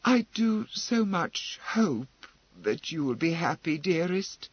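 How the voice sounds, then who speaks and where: A man voicing a gentle, flustered young widow who speaks in a fluttery, anxious and tender way. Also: on the high side, very animated, takes it slowly, breathy edge, no room sound, highs cut off, exaggerated voice.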